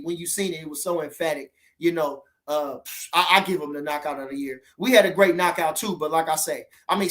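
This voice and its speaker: A man's voice: fairly high pitch, fairly bright tone. A man hosting a casual boxing livestream, talking loosely and animatedly, full of "you know what I'm saying" asides. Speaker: boxing channel host.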